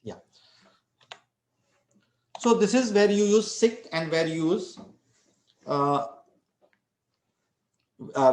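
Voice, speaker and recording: High-voiced man lecturing in an echoey room. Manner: explains step by step, many restarts and tag questions. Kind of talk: online lecture on citation.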